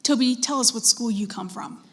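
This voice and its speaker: A woman with a slightly raised pitch announces contestants and words at a school spelling bee. She reads each definition slowly and deliberately, in a formal competition style. Her prompts to the young spellers stay patient and courteous. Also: a bit bright. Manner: measured, deliberate reading of words and dictionary definitions. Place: school event hall.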